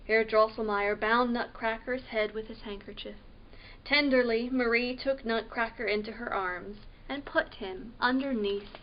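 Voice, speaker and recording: Slow, high-voiced woman reading to children. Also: lo-fi sound. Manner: slow, expressive, with questions to listening children. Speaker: librarian reading a story.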